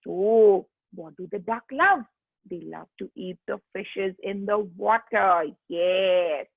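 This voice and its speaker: Sing-song woman teacher, husky and slow. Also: medium pitch, no echo. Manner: coaxing, sing-song, getting kids to join in. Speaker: teacher of young children. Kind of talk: online kids' lesson. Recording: tinny phone-like line.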